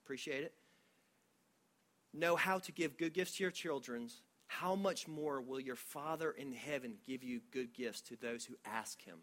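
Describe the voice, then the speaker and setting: A man in his forties preaching a sermon to his church in a conversational, storytelling way, with frequent halting restarts. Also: mid-range voice, fairly bright tone. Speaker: pastor.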